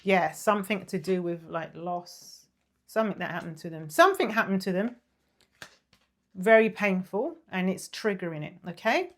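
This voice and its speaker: Woman, tarot reader, chatty, soft murmurs, breathy sighs, mid-pitched voice. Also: lively intonation, normal speed. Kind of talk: spontaneous tarot reading.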